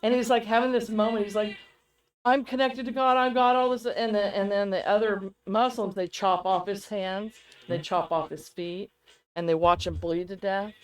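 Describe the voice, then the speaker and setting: A woman co-hosting a casual podcast chat, rambling and animated, often laughing as she talks. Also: mid-range voice, moderate pace, rough recording. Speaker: podcast co-host.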